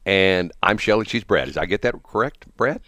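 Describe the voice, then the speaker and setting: An older man hosting a radio morning show, with a very low voice on a close, dry studio mic. He chats in a loose, rambling way, drifts into anecdotes and chuckles between thoughts. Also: expressive, moderate pace, pushed and bright, no echo. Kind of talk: casual on-air chat. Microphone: studio broadcast mic.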